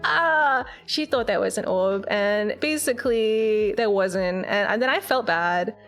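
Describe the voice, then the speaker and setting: A woman's voice: medium pitch, unhurried, a bit bright. A woman streamer recapping a game in casual, chatty storytelling, often breaking into giggles. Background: faint background music.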